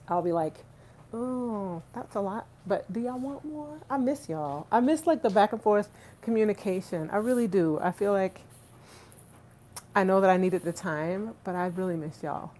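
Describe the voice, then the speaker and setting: A woman's voice: medium pitch, lively intonation, normal speed, poor audio. Chatty woman livestreaming from her kitchen. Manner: chatty, warm-hearted, laughs often, talks to viewers directly. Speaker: vlogger hosting a livestream. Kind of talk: casual livestream chat while cooking. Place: home kitchen, rain outside. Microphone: phone set on the counter.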